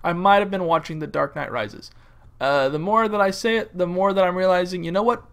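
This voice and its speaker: A man's voice: sits high, brisk, a bit bright, clear, resonant tone. A young man from California giving casual, rambling, joking commentary while playing a game. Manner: rambling, joking, silly bits and mock-wildlife-presenter asides. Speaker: gaming video host.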